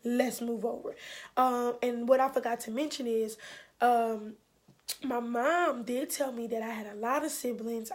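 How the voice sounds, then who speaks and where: Candid woman telling her story. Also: on the high side. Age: 20s. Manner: candid and animated, voices people she quotes. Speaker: vlogger. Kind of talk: emotional storytime.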